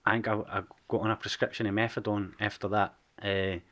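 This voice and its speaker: Scottish man, forties, Edinburgh accent, lowish, candid guest storyteller. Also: little pitch movement, fairly quick, bright, forceful tone, highs cut off. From Scotland. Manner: frank storytelling, swears freely. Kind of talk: casual podcast interview.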